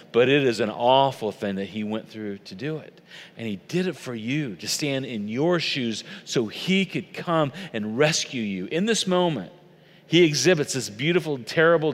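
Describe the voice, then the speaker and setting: A male pastor preaching a sermon, with dramatic, emotional delivery that swings in pitch and volume. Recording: long reverb of a large hall.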